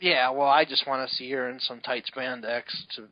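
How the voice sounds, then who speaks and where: A man's voice: medium pitch, steady tone, normal speed, dry recording. A man co-hosting a wrestling podcast in casual chat, telling stories in a chatty, rambling way. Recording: dull lo-fi recording.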